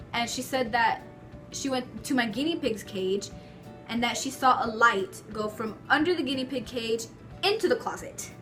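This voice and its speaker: A young woman vlogger telling stories to the camera from her bedroom, in a chatty, animated way full of filler words. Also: on the high side. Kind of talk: casual storytelling to camera.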